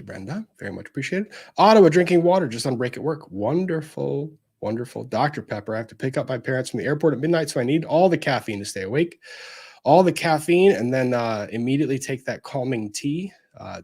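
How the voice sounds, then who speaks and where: A man's voice: medium pitch, expressive, quick pace, darkish tone. A man hosting a casual livestream, chatting upbeat and reading out viewer comments. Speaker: livestream host.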